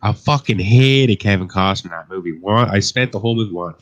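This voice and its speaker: A man's voice: lowish voice, quick pace, hardly any pauses, fairly bright tone. A man on a casual live panel chat, talking bluntly and swearing freely. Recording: dull lo-fi audio with faint noise.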